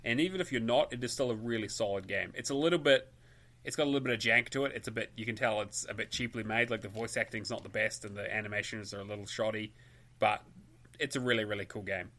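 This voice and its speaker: Co-hosting a gaming podcast, a man talks in a lowish, sharp voice at a quick pace. It's casual chat, rambling, and he restarts his sentences often.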